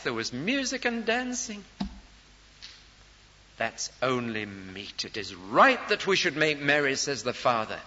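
Male preacher, bright forceful voice, dramatic storytelling sermon, dull hissy hall recording. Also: medium pitch. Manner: dramatic storytelling, rising to loud emphatic peaks.

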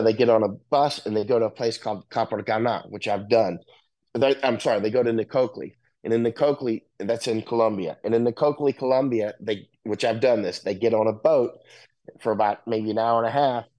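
A man's voice: fairly low pitch, darkish tone, poor audio. A man talking casually and explaining at length, often checking in with "right?" and "you know".

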